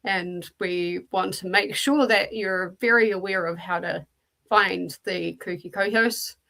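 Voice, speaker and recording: A woman's voice: medium pitch, fairly even intonation, measured pace, vocal fry, a bit bright. A woman with a New Zealand accent, hosting a casual livestream and chattily greeting viewers by name as she answers the chat. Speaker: livestream host.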